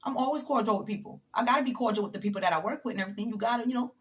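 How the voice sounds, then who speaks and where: A woman's voice: fairly high pitch, rapid-fire. A woman talks straight to the camera with a motivational message. She is blunt and emphatic, swears freely, and lectures the viewer directly. She sounds a little tired. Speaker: motivational vlogger. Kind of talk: casual motivational talk to camera.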